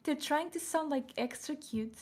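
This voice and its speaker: A woman's voice: sits high, moderate pace, a little mellow. A woman co-hosting a casual stream, joking around playfully with her partner. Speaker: streamer co-host. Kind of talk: casual chat.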